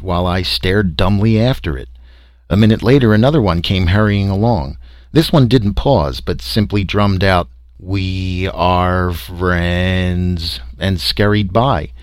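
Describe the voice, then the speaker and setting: A man with a lowish voice reads a first-person adventure tale aloud, keeping it wry and conversational, as if telling it to friends. The recording is close and very dry. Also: normal speed, no room sound. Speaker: audiobook narrator. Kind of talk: first-person story reading.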